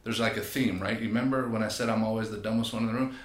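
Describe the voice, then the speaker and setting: A man, a podcast guest and personal trainer, telling stories in a casual, animated way and acting out quotes. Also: on the low side, very fast. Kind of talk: casual storytelling. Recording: echoey room.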